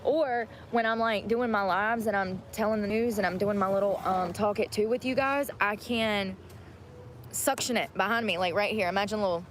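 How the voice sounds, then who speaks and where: A woman who live streams, chatting casually in a soft, meandering way with many fillers. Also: mid-range voice, normal speed, slight background noise. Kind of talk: casual chat.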